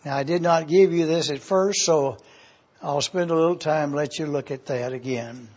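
Brief: male preacher, husky, deliberate teaching delivery, dull lo-fi recording. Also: on the high side, a little mellow. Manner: slow, deliberate, repeats points for review. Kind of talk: teaching sermon.

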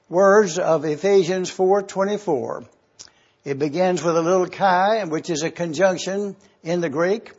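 A man with a high voice preaches at an unhurried, measured pace. He teaches word studies deliberately, spelling terms out letter by letter. The recording sounds dull and lo-fi. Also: darkish tone. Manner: slow, deliberate, spells out Greek words letter by letter. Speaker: pastor. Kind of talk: sermon.

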